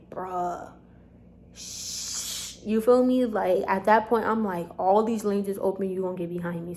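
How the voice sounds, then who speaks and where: A young woman, telling a storytime vlog straight to her viewers in an animated, chatty way. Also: mid-range voice. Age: young adult. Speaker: vlogger.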